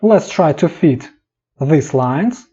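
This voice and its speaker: In a calm, unhurried instructional tone, a man breaks a software tutorial into short clipped steps. Though dark and a bit husky, his voice ranges widely in pitch, and the recording comes across as dull and low-fidelity.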